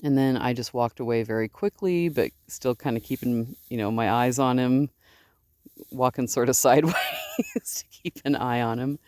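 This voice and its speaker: A woman's voice: very deep voice, normal speed, mellow, no echo, studio quality. A woman sheep farmer rambling casually on an outdoor farm vlog, chatty and fond. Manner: rambling, chatty, baby-talks to her sheep. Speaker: sheep farmer and video host.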